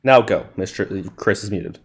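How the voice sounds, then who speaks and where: A man's voice: lowish voice, normal speed, slightly rough. A man running a tabletop game as game master, matter-of-fact in his rulings.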